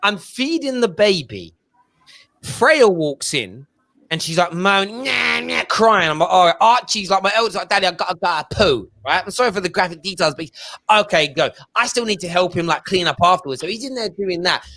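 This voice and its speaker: A man hosting a casual football chat show, telling stories with lively energy and mimicking voices. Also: sits high, normal speed, dry recording. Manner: animated storytelling, mimics his kids. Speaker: show host.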